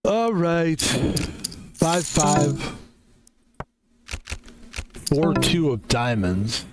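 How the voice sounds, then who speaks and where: A man's voice: a little high, lively intonation, extremely slow, over loud music, low-quality recording. A man streaming a card game and chatting casually, rambling and joking with plenty of swearing. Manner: rambling, jokey, swears freely. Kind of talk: casual gameplay commentary.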